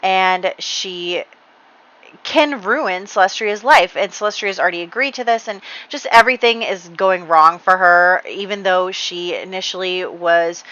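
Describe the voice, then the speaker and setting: A woman's voice: fairly low pitch, a little slow, pushed and bright, lo-fi sound. A woman hosting a game channel, telling the story of her play session in a casual, chatty way with many fillers and light laughs.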